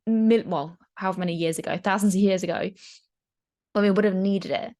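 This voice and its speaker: Chatty, frank young woman coach. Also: medium pitch. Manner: chatty and frank, swears casually. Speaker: mindset coach. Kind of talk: casual teaching talk.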